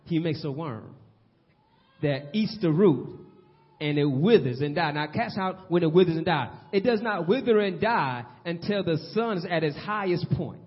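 A man preaching a sermon in a church, swinging between loud and hushed delivery. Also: fairly high pitch, animated, normal speed. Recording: long hall reverb, dull lo-fi sound.

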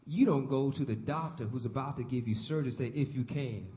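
A man's voice: mid-range voice, quick pace. A man preaching a sermon. He repeats lines for emphasis and calls on the congregation to respond. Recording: dull lo-fi recording.

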